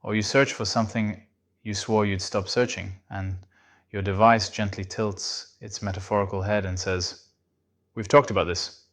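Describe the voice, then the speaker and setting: A man reading a scripted narration in a measured, reflective way. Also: on the low side, little pitch movement.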